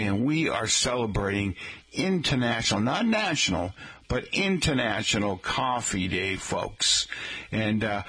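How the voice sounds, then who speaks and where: A man's voice: mid-range voice, fairly bright tone, breathy edge. A man hosting a radio show in a casual, rambling, folksy way, chatting to his listeners with plenty of asides.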